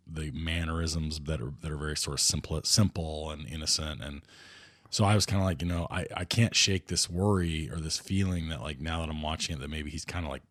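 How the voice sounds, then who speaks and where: Low-voiced guy hosting a movie podcast, rambly, keeps restarting, dry close sound. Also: a bit bright, no room sound. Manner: rambling, with many restarts and fillers. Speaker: podcast host. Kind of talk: casual movie podcast chat.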